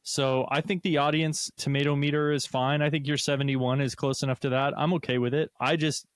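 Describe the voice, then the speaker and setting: A man's voice: mid-range voice, flat delivery, brisk, clean tone, no room sound, studio quality. Easygoing male podcast co-host. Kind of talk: casual chat.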